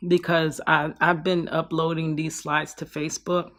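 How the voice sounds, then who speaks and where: A woman's voice: low voice, flat delivery, normal speed, fairly bright tone. A young woman talking in a personal vlog, weary and heartfelt, trailing off and restarting as she speaks. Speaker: vlogger.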